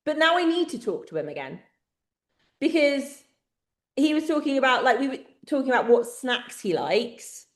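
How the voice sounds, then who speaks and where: A woman's voice: sits high, sing-song, normal speed, echoey room. An English woman co-hosting a podcast, telling stories in casual chat and laughing often. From England. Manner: chatty storyteller, laughs often. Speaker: podcast co-host.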